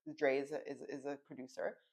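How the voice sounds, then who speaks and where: A woman in her thirties, a podcast co-host, chatting casually with lively, swearing, laughing storytelling. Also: very deep voice, fast. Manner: animated, swearing, laughs often, acts out quotes. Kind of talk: casual chat.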